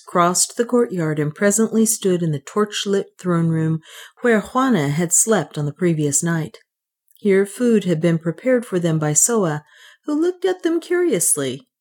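A woman narrating a classic adventure novel in a measured, clear reading. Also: fairly low pitch, darkish tone. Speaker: audiobook narrator. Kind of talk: audiobook narration.

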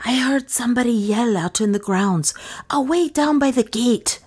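A woman voicing a frightened, gloomy maid who speaks in a loud stage whisper. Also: on the high side, lively intonation, moderate pace, husky, voice pushed up.

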